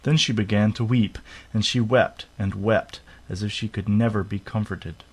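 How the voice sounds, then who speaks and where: A man narrating a fairy tale aloud in a steady, unhurried storytelling manner. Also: fairly low pitch, slightly rough.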